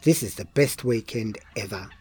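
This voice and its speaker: A man reading a storybook aloud, voicing a young boy who swings between excitement and sulking. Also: on the low side, normal speed, breathy edge. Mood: whiny.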